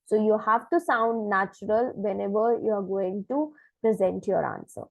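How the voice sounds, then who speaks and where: A woman's voice: medium pitch, animated, normal speed, vocal fry, no room sound, rough recording. A woman teaching an online lesson, explaining points step by step and checking in with "right?". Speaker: IELTS teacher.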